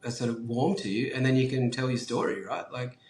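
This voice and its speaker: A man's voice: medium pitch, fairly quick, darkish tone. Laid-back Australian man, roomy sound. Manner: laid-back, swearing, lots of fillers. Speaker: guest entrepreneur. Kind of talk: casual interview chat. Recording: roomy echo.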